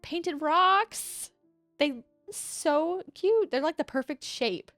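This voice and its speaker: A young woman co-hosting a chatty podcast, her voice sitting a bit high. She sounds excitable and gushing, recorded close and dry with faint music underneath. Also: slow, no echo. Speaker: podcast co-host. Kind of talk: casual chat.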